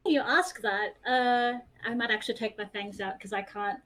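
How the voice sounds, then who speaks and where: A woman's voice: fairly high pitch, moderate pace, a bit bright, poor audio. A woman player in a tabletop game, chatty and self-deprecating as she describes her actions.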